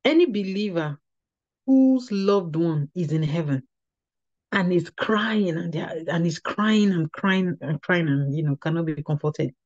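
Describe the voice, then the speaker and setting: A woman's voice: sits low, a little mellow, dry recording. A woman teaching at a women's ministry, telling a testimony in an earnest storytelling way that often repeats and restarts phrases. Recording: slightly dull lo-fi recording.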